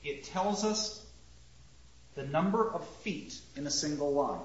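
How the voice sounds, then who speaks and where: A man lecturing a class at an unhurried, deliberate pace, stopping to ask questions and to recite verse aloud. The sound is roomy and somewhat dull, as if recorded in a classroom. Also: fairly high pitch, animated. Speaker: literature teacher.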